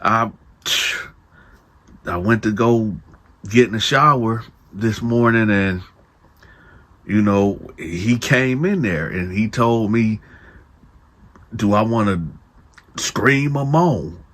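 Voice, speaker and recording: A man voicing a scared, ashamed young male inmate who talks in a hesitant, halting way and repeats himself. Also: on the low side, a bit bright. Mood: troubled.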